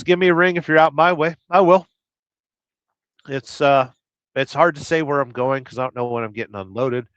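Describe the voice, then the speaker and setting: A man's voice: mid-range voice, fairly bright tone, no echo. A middle-aged man from Southern California who drives a truck and rambles crudely through viewer comments in a casual live stream, humming nonsense syllables between them. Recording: slightly dull lo-fi sound.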